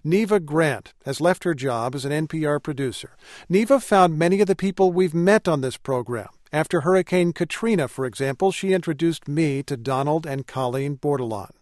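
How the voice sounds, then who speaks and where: A man hosting a radio news program, reading a scripted farewell segment in a measured, even delivery. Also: on the high side, no room sound. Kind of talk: scripted broadcast narration. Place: radio studio. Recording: dry studio sound with music bed.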